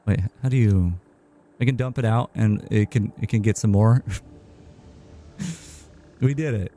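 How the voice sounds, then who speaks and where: A man streaming a game live, chatting casually in a rambling, halting way. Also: lowish voice, dark tone, a little hiss or hum. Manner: rambling, halting, with many restarts and fillers.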